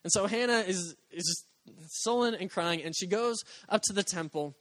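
A man's voice: high voice, normal speed, fairly bright tone, no echo. A young adult male pastor preaching in an earnest, conversational way, acting out quoted voices as he goes. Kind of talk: sermon.

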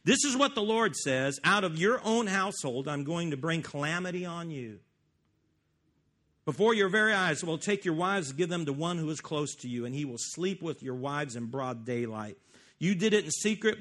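A preacher voicing the prophet Nathan, grave and emphatic. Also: male voice, a little high, expressive, moderate pace, a bit bright. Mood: stern. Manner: emphatic, rising, declaiming scripture. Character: prophet Nathan, grave male storyteller confronting a king.

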